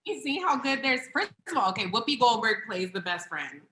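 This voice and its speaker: A woman comedian chatting in an excited, gushing way, full of playful slang and "like". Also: on the high side, fairly quick, roomy sound, slight background noise. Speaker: comedian guest. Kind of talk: animated casual chat.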